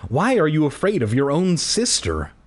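A man voicing a patient mother in a storybook reading, speaking softly and gently scolding, with a husky voice. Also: a little high, wildly swooping pitch, moderate pace, pitched above the performer's own voice. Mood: gentle. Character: patient mother of two children.

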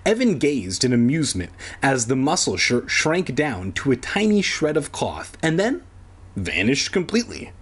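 Male comedy host, husky voice, animated sarcastic read-aloud with crude asides. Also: medium pitch, normal speed. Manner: sarcastic, swears in asides, breaks off to laugh. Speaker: podcast host reading a kids' book aloud.

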